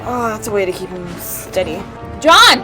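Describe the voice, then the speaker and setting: A woman hosting a reaction video, commenting casually and excitably, gasping and talking to the screen. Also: medium pitch, fairly quick, music in the background.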